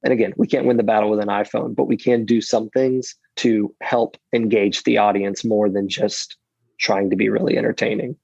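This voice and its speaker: A man who speaks and preaches for a living, answering interview questions in an animated, self-deprecating way with frequent restarts. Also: lowish voice, normal speed, vocal fry, breathy edge, no echo, muffled recording.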